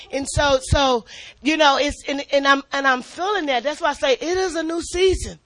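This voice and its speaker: A middle-aged woman giving a spirited church testimony and sermon, animated, often laughing and repeating her words as she preaches. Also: high voice, normal speed, no echo.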